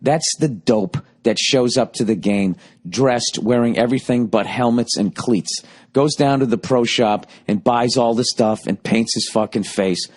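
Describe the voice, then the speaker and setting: A man's voice: medium pitch, measured pace. A man hosting a solo podcast, half-mocking the ads he reads with profane, sarcastic asides before sliding into a loose rant. His voice sounds worn from nightly shows, and he talks casually and irreverently throughout. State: voice going hoarse from shows. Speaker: podcast host.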